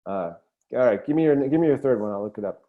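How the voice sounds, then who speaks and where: A man co-hosting a casual podcast chat, relaxed, laughing often and swearing casually. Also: medium pitch, fast, narrow, tinny audio. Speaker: podcast co-host.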